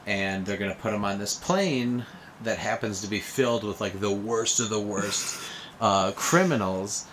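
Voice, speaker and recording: A man's voice: on the low side, a little slow, a bit bright, a little hiss or hum. A young man in casual conversation, rambling with lots of fillers and frequent laughs. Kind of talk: casual podcast chat about movies.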